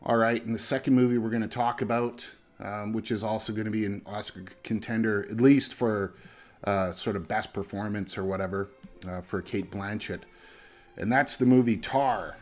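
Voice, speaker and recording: A man's voice: fairly low pitch, normal speed, a little mellow, soft background music. A man reviewing films casually, talking conversationally and checking in with the listener through frequent "right?" and "you know" tags. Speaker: movie reviewer.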